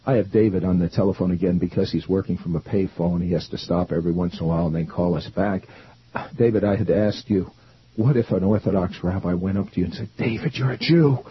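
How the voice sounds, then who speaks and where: A man's voice: deep voice, fairly even intonation, quick pace, dull audio, a little hiss or hum. A man hosting a radio interview, asking curious, prompting questions of a caller. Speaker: host.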